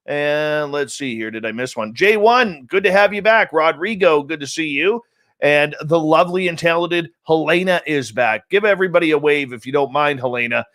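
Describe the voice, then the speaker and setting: A radio show host runs a live stream from his home studio in central British Columbia, joking as he greets chat room regulars by teasing nicknames. His voice sits on the high side and sounds a bit bright, and the upbeat roll call rambles along.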